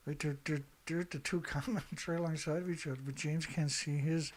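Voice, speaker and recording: A middle-aged man hosting a casual livestream, rambling and chatty, clearing his throat often and swearing now and then. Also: a little high, steady tone, fairly quick. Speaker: show host.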